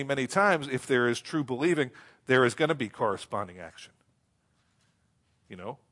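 Male pastor, conversational sermon delivery with rhetorical questions and a slower pace for scripture readings. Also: medium pitch, a bit bright. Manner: conversational preaching with rhetorical questions and repeated phrases.

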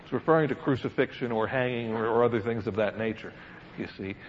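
A man preaching verse by verse through a Bible passage, reading scripture aloud and then commenting with lively asides and chuckles. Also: mid-range voice, quick pace. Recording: dull lo-fi sound with faint background noise.

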